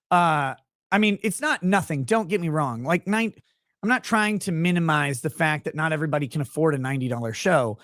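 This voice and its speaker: A man's voice: fairly high pitch, no room sound, studio quality. A man hosting a livestream with casual, sarcastic, rambling commentary, talking to his chat viewers by name. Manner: sarcastic, rambling, mocking impressions. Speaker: livestream host.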